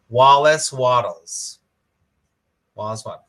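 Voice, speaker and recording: Middle aged guy teaching live, pumped up, keeps repeating himself and calling out viewers, brightish voice a bit high. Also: expressive, unhurried. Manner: enthusiastic, repeats phrases, quizzes viewers by name. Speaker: spiritual teacher. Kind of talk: live-stream teaching, reading viewer comments.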